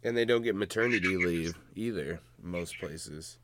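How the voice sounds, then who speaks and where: A man's voice: deep voice, moderate pace, fairly bright tone, a little hiss or hum. A man co-hosting a podcast in loose, profane casual chat, laughing often. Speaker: podcast co-host.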